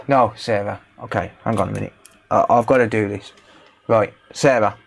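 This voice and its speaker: A man's voice: fairly low pitch, moderate pace, creaky, pauses often. A man from the English Midlands, chatting casually and joking with viewers while he works on electronics repairs, swearing now and then. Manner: joking, bantering, swears freely. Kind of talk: casual livestream chat while working.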